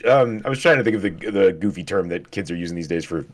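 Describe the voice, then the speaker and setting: A man's voice: low-pitched, animated, fast. A podcast co-host in casual chat, laid-back, chuckling as he talks and swearing casually.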